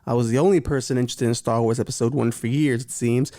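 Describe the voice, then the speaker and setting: A man's voice: mid-range voice, expressive, brisk, hardly any pauses, warm tone. Profane, joking man hosting a comedy show. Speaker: host. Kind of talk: comedic talk-show monologue.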